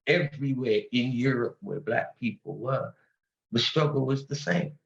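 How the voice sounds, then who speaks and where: Animated older English man, roomy sound. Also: mid-range voice, moderate pace, gravelly. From England. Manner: animated storyteller, laughs often. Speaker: guest singer. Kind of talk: casual interview chat. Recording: roomy, dull-sounding audio.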